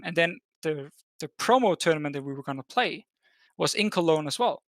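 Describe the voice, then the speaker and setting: Gravelly-voiced man telling a rambling story. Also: on the high side, animated, a little fast, fairly bright tone, no room sound. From Denmark. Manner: rambling, with many fillers and restarts. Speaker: podcast guest, esports caster. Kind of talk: casual storytelling chat.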